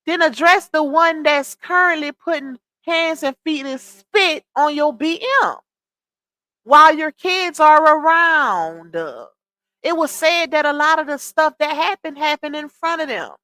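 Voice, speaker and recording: A woman's voice: high-pitched, unhurried, sharp tone, no echo. A woman hosting a casual livestream, chatting with viewers, reading comments aloud and laughing often. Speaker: livestream host.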